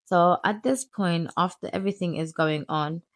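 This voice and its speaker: A young woman telling her life story in a candid, animated vlog, full of slang and crude asides. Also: on the low side, normal speed, no room sound, studio quality. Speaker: vlogger.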